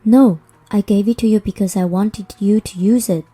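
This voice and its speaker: A woman voicing a kind, decent young brother-in-law who speaks politely and gently. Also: mid-range voice, steady tone, moderate pace, husky, close to an everyday voice. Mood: gentle.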